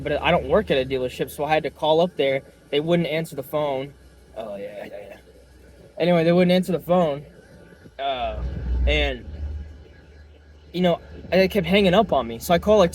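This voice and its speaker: A man's voice: fairly high pitch, darkish tone, poor audio. A young man who works at an auto shop, chatting casually and rambling with lots of swearing and fillers while he drives. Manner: profane, rambling, many fillers. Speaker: vlogger and auto shop worker. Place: inside a car on city streets. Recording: clear car and road noise.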